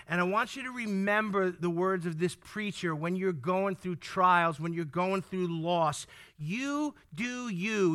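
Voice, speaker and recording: Male preacher, high and piercingly bright voice. Emphatic sermon delivery, full of questions to the congregation and repeated points. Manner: stumbles and restarts words when worked up.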